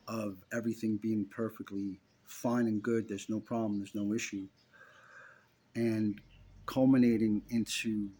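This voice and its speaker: A man's voice: lowish voice, warm tone, breathy edge. A man telling a personal story straight to the listener in an intense, emphatic way, often repeating himself.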